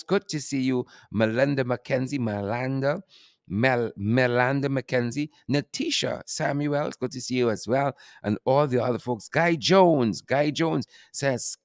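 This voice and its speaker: Gravelly Guyanese man, teasing host. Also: medium pitch, no room sound, clean studio sound. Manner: playful, teasing, laughs often, reads out viewer names. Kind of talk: casual live-stream chat.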